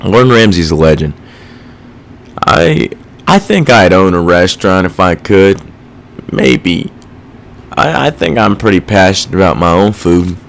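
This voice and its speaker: A young man hosting a solo podcast, rambling casually and swearing a lot while thinking out loud. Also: deep voice, animated, a little slow, creaky, long pauses. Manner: rambling, profane, self-reflective. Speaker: podcast host.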